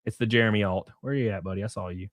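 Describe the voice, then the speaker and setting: A man's voice: fairly low pitch, rapid-fire, no room sound, clean studio sound. A man hosting a livestream, reading viewer messages aloud in casual, profane banter with frequent chuckles.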